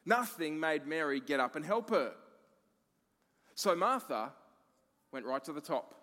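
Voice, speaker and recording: A man preaching a sermon as pastor, expressive, moving between emphatic lines and hushed ones. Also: on the high side, unhurried, in a large hall.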